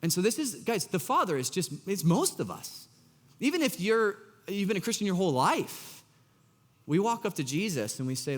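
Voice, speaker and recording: A man preaching a sermon as pastor, conversational and animated, with frequent restarts. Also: high-pitched, normal speed, big-room sound. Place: church auditorium.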